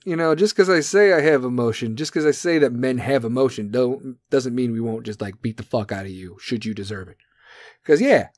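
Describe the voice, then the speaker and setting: A man hosting a talk show, ranting in a brash, profane, comedic way and now and then dropping into mocking high voices. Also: a little mellow, no echo. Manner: brash, swearing, swings into mocking falsetto bits. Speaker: podcast host.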